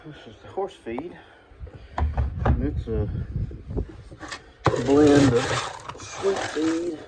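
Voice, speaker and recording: A man's voice: a little high, lively intonation, extremely slow. A man narrating his farm chores casually outdoors, chatting to and calling his animals while filming on a phone in his hand. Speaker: farm vlogger. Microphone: phone held in one hand. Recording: outdoor phone audio with noise.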